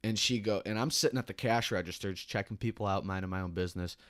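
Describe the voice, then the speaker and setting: A man's voice: fairly low pitch, fast, a bit bright, no echo, studio quality. A young man, telling a heated, profane work story as a podcast co-host. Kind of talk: casual podcast chat.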